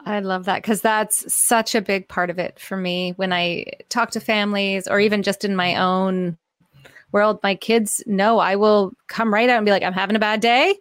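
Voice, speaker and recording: A woman's voice: mid-range voice, steady tone, moderate pace, clear, resonant tone, dry recording, studio quality. A middle-aged woman hosting an interview, talking enthusiastically and thinking aloud in long, winding questions. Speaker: podcast host. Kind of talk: conversational interview.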